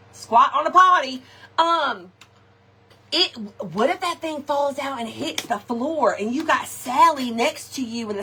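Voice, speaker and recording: A woman telling a funny personal story to her viewers in a chatty, animated way, tossing in "y'all" and "okay" often. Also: high voice. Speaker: craft shop host.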